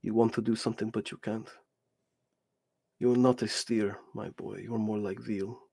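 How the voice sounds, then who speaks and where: A man voicing a cruel, ancient male vampire lord, speaking with calm, mocking menace. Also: on the low side, moderate pace, gravelly, slightly rough, dry recording. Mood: coldly taunting.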